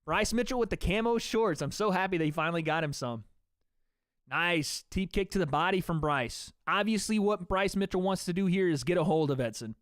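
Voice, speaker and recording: A man calling fights on a livestream for his chat, casual and profane, jumping between play-by-play and chatter. His voice sits a bit high for a man. The sound is dry and close. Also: lively intonation, moderate pace, dry recording. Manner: chatty, swears freely, talks to chat between calls. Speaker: livestream host. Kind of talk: fight watch-party commentary.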